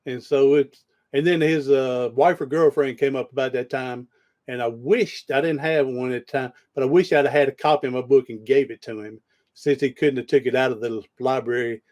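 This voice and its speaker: A man's voice: medium pitch, fairly even intonation, fairly quick, darkish tone. A man hosting a podcast, telling rambling stories in casual conversation with frequent restarts. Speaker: podcast host.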